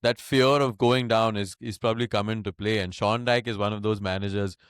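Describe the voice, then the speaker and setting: A man co-hosting a relaxed football podcast, with a smooth, resonant voice recorded close and dry. He talks in a measured, analytical way and laughs easily. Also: fairly low pitch, no echo. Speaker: podcast co-host. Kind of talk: casual football chat.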